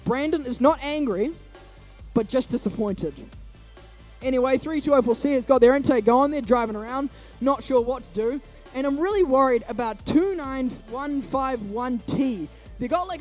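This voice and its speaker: A young man commentating a live robotics match, jokey and rambling with quick quips. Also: very high-pitched. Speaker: event commentator.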